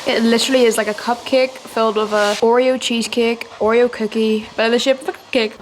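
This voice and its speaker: Young woman, higher voice, casual home-kitchen vlogger, phone mic. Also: level tone, a little fast, slight background noise. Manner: chatty, exasperated asides to her dogs. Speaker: vlogger building a nutrition brand. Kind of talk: casual vlog narration.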